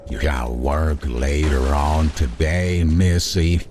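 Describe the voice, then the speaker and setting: A man putting on a slow, deep, gravelly drawling voice with a twang while playing a game. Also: flat delivery, slight background noise. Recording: loud game music over voice. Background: loud game music.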